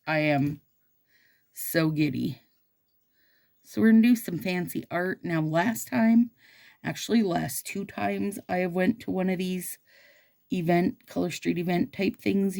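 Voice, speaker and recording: A woman's voice: on the low side, creaky, a little mellow. A woman vlogging about her nails, chatting casually and bubbly, talking straight to her viewers. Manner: bubbly, chatty, addresses viewers as "you guys". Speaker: nail stylist vlogger.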